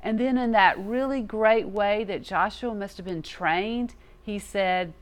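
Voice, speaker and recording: A woman's voice: medium pitch, a little slow, noisy background. Folksy woman teaching from scripture. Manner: folksy, animated, casual turns of phrase. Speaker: Bible teacher. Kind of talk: conversational Bible teaching.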